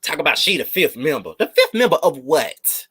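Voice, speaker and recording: A man chatting casually through a live review of a TV episode. He is animated and slips into mocking impressions. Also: fairly high pitch, normal speed, breathy edge.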